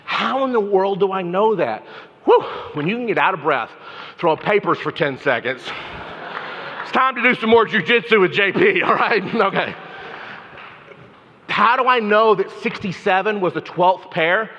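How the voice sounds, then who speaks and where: A man giving an energetic memory-training talk to a live conference audience, repeating phrases and calling on listeners by name. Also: sits high, normal speed, slight background noise. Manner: animated, repetitive, addresses audience members by name. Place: large conference hall. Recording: hall reverb, dull lo-fi sound.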